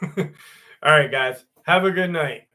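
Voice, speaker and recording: A man's voice: on the high side, takes it slowly, sharp tone. A man hosting a live stream, chatting loosely with viewers, swearing and laughing easily. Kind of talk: casual sign-off chat with viewers.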